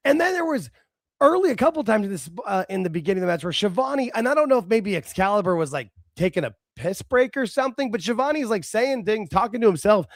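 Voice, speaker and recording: Man, high voice, excitable, bursty casual talk, dry sound. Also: fast talker, no echo. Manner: excitable, talks in bursts with laughs and restarts. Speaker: podcast co-host. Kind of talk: casual wrestling chat.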